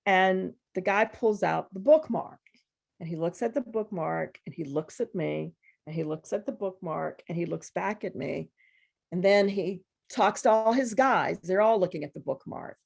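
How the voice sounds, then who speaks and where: A woman poet who is a guest at a university event, telling a story in a lively, conversational way and acting out other people's voices. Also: on the low side, normal speed, gravelly, slightly rough.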